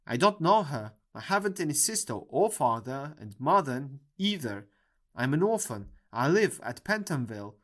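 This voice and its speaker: A man's voice: mid-range voice, very animated, moderate pace, fairly bright tone. A man doing a frightened young orphan boy. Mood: alarmed. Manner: alarmed, protesting, crying out.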